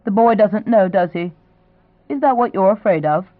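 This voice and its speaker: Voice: mid-range voice, animated, normal speed, no room sound, lightly acted. Romance audiobook: a reader doing a polite, persistent old duchess. Thin, narrow sound, dry. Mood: genteel. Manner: genteel, pleasantly insistent. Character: elderly duchess grandmother, gracious, persistent.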